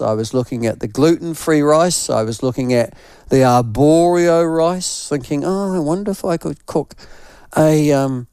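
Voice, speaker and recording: Older NZ radio host, unwell with flu, fairly high voice, rambling self-deprecating yarns, dry studio sound. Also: male voice, a little mellow, clean tone, no room sound. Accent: New Zealand. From New Zealand. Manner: rambling, self-mocking storyteller. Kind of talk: casual morning radio chat.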